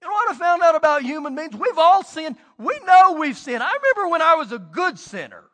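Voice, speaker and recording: A middle-aged man preaching a sermon as pastor, telling stories and swinging between loud and hushed delivery. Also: very high voice, sing-song, brisk, big-room sound.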